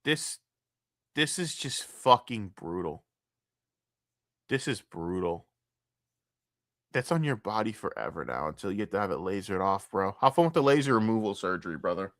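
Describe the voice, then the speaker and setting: A man on a live stream ranting about online drama in a crude, mocking, heated way, jumping between loud outbursts and low mutters. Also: very animated, normal speed, pauses often, no room sound, clean studio sound. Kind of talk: profane live-stream rant.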